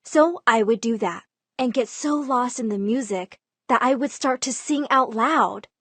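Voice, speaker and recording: A woman's voice: on the high side, a little slow, a bit bright, husky, dry recording. Dramatic woman telling a storytime. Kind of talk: first-person storytime narration.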